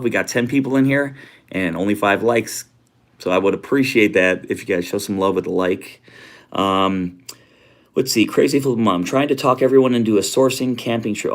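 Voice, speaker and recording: A man hosting a casual livestream from his home office, greeting viewers with easygoing slang. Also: lowish voice. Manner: laid-back, greets viewers with slang like homie and brother. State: a bit out of breath. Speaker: livestream host.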